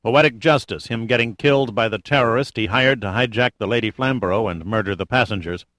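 A man's voice: fairly low pitch, brisk, fairly bright tone, dry recording, close to an everyday voice. A male narrator voicing a defiant, sarcastic male adventurer who talks bluntly and casually.

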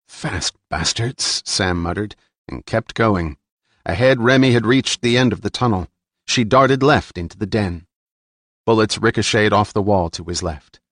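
A man reading an action novel aloud in steady, measured scripted narration. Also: on the low side, dry recording, studio quality. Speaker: audiobook narrator.

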